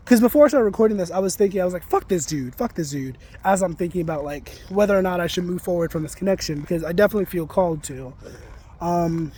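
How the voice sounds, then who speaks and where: A man talking straight to camera in a casual confessional vlog, emphatic and ranting, swearing freely, then giving gentle reminders. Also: sits high. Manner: reflective, self-help reminders. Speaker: vlogger.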